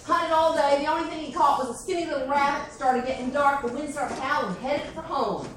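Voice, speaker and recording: A woman's voice: high-pitched, fairly quick, a bit bright. A woman telling a folk tale together with a partner, drawn out and dramatic, in an echoey, distant live recording with noise. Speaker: storyteller. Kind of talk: tandem folk storytelling.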